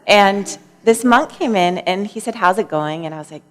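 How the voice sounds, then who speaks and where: A woman at a middling pitch tells her story in a gentle, warm way and laughs easily. Her voice rings out with a long reverb, as if she is speaking in a large hall. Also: lively intonation, normal speed. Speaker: mindfulness speaker and clinician. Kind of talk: storytelling talk to an audience.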